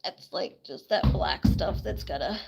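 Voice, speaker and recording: A woman chatting casually on a live stream, full of fillers, cooing softly to her hen while she tends it. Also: sits low, expressive, unhurried, vocal fry, over music. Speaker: streamer caring for her animals.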